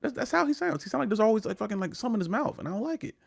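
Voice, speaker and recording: A man's voice: high-pitched, big pitch swings, racing, vocal fry. A man co-hosting a wrestling podcast, ranting in casual chat and often repeating his words. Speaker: podcast co-host.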